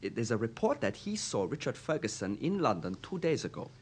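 A man's voice: medium pitch, big pitch swings, fairly quick, a little hiss or hum, close to an everyday voice. A man playing a stammering nervous young man. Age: young adult. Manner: hesitant, stammering. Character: nervous young male student, evasive and eager. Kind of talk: radio drama acting.

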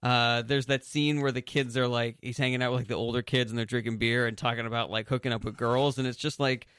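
A man's voice: medium pitch, level tone, fast, a bit bright, clean tone, no room sound, studio quality. A young man co-hosting a radio chat, rambling with lots of fillers. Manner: rambling, filler-heavy, full of "like" and "uh". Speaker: radio show co-host. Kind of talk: casual chat.

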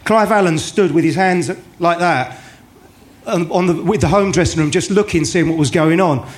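A man's voice: a little high, normal speed. A middle-aged man telling an anecdote on a live podcast, hesitant and full of fillers. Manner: storytelling with many hesitations.

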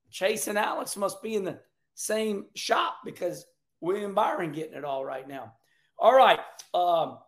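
Gravelly high-pitched chatty man. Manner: chatty, joking, animated asides. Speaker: racing commentator. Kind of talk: casual commentary vlog.

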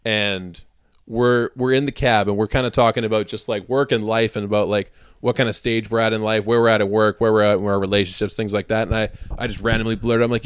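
A man's voice: on the low side, steady tone, quick pace, smooth. A young man co-hosting a podcast, telling a story in a laid-back, casual way, laughing often and swearing. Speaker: podcast co-host.

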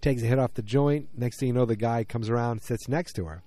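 A man's voice: medium pitch, fairly quick, dark tone, no room sound. A man casually recapping a TV episode, rambling and correcting himself mid-sentence in loose, slangy talk.

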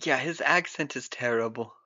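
A man's voice: mid-range voice, normal speed, bright, forceful tone, no room sound, dull audio. A man co-hosting a casual podcast about a movie, joking and acting out quotes in silly voices. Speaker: podcast co-host.

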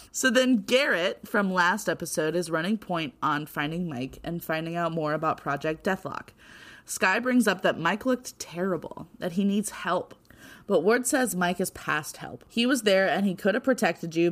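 A woman's voice: lowish voice, moderate pace. A young woman co-hosting a podcast, recapping a show episode in casual chat, laughing often and quoting characters playfully. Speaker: podcast co-host.

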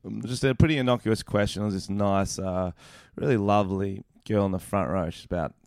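A young man, a comedian co-hosting a podcast, telling stories in a lively, swearing way with bursts of laughter. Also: on the low side, fairly quick, no echo, studio quality. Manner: swearing, animated storytelling with laughs. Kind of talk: casual chat.

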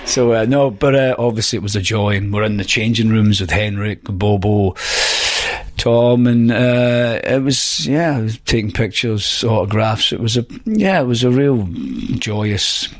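A Scottish man with a fairly low voice recounts stories as a podcast guest. He rambles and hesitates, filling gaps with ums and uhs. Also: unhurried. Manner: rambling, hesitant, many fillers. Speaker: guest, actor. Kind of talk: podcast interview, anecdote telling.

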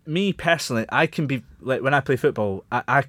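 A man's voice: medium pitch, expressive, brisk, a bit bright, no echo. Chatty man hosting a podcast. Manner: chatty, laughs often, self-mocking. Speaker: podcast host. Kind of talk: casual sports podcast chat.

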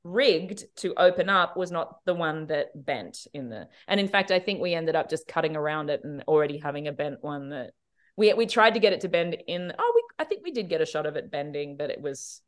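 An Australian woman speaks in a fairly low voice, telling stories in a loose, animated way. She jumps between quick asides in a relaxed interview chat. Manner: animated storytelling with quick asides and frequent laughs. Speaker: TV director, guest. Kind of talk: casual podcast interview.

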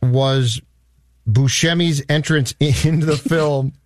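Male podcast co-host, high-pitched, animated storyteller, casual movie talk. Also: slow, no echo, clean studio sound.

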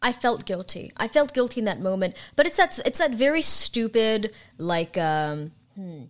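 A woman's voice: mid-range voice, lively intonation, moderate pace. A young woman co-hosting a podcast in casual chat, joking in a dry, sarcastic way. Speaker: podcast co-host.

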